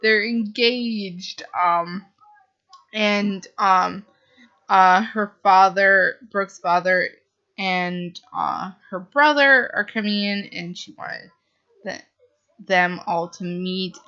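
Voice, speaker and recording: Woman book reviewer, unhurried, heavy on fillers, slightly dull lo-fi sound. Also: medium pitch, bright, forceful tone. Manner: gushing, full of "like" and "um" fillers.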